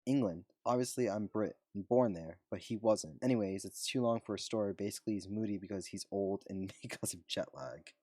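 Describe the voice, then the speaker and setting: A man's voice: lowish voice, a little fast, hardly any pauses, dark tone, dry recording, studio quality, lightly acted. Wilbur, a polite wry young Brit, read by a man. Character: young British man, chatty family man.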